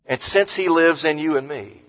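A man preaching an earnest sermon as pastor, lifting his voice on scripture quotes and dropping low and soft on words of comfort. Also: normal speed. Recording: muffled sound with long hall reverb.

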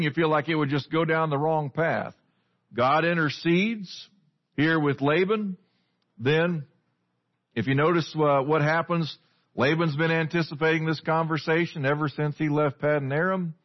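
A man, preaching a conversational sermon, putting scripture into everyday words and asking his listeners questions. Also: a little high. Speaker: pastor. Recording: dull lo-fi sound.

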